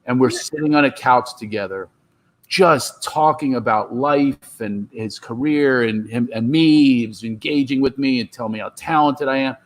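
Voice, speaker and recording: A middle-aged man telling comedy stories on a video call, animated and slipping into impressions. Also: medium pitch, moderate pace. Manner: animated, jumps into character voices. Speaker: comedian guest. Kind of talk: storytelling with impressions.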